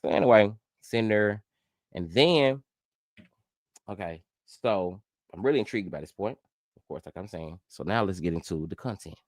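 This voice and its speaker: A middle-aged man from Memphis talks in a loose, rambling vlog style, cursing often and circling back over his own sentences. His voice sits low, and it is recorded close and dry with no room around it. Now and then he jumps up into high, animated exclamations. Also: moderate pace, no room sound. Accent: Memphis Southern. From Memphis, Tennessee. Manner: rambling, profane, with frequent self-interruptions and restarts. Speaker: YouTube commentary host. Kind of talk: casual vlog commentary.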